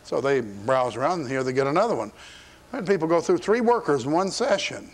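Folksy preacher man, raised pitch. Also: very animated, a little fast. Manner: folksy, acts out biblical quotes in paraphrase. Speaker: pastor. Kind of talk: sermon. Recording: 1980s archival sermon tape.

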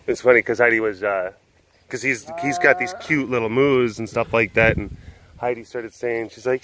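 A man's voice: medium pitch, normal speed, fairly bright tone. A man hosting a wildlife facility webcast outdoors in a casual vlog style, gushing and baby-talking to the animals.

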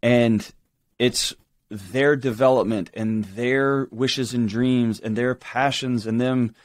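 A man speaking as a guest in an interview, emphatic and animated, acting out quoted voices as he talks. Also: medium pitch, slow, no echo. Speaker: guest author. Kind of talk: conversational interview.

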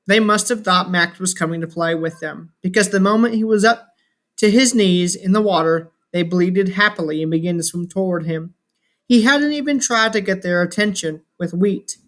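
Brief: plain storybook narrator, unpolished read with restarts, mid pitch. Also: fairly bright tone. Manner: unpolished reading with slips and restarts. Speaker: reader. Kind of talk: reading a novel aloud.

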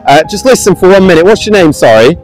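A man's voice: high-pitched, lively intonation, fast, a little mellow, faint music behind, low-quality recording. A man preaching to passers-by outdoors, earnest and pleading, raising his voice at times. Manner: earnest, pleading, raises voice to the street. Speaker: street preacher. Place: outdoors on a busy street.

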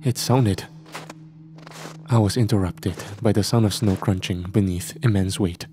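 A man narrating a horror story in a measured, steady way. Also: low voice, faint music behind.

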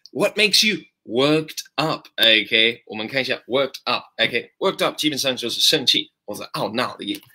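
Bright and forceful at a medium pitch, this man runs an informal English lesson over live stream. He speaks animatedly but eases his pace whenever he repeats a phrase or spells it letter by letter.

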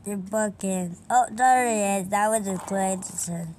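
A woman talks her way slowly through a video game, her words unhurried and full of bewildered questions. Her pitch sits at an ordinary middle height. A faint hiss of noise lies under her voice. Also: a little mellow. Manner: confused, rambling reactions to the game. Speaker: gamer. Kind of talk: casual gameplay commentary.

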